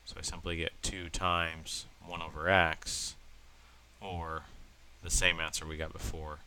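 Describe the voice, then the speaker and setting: Deep-voiced man, nasal from a cold. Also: little pitch movement, measured pace, sharp tone, rough recording. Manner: plain step-by-step explaining with fillers. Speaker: math teacher. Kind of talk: recorded lesson working through problems.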